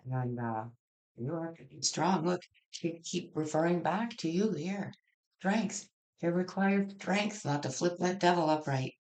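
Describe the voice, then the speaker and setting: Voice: mid-range voice, measured pace, darkish tone. Blunt, casual tarot reader. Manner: blunt, frank, swears casually; rambling with frequent restarts. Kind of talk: casual tarot reading to camera.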